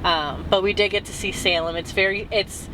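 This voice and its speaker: A woman's voice: mid-range voice, steady tone, normal speed, background noise. A woman recapping her travels in a casual, rambling way, full of "um"s and "like"s. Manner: chatty and rambling, with many "um"s and "like"s. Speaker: travel vlogger.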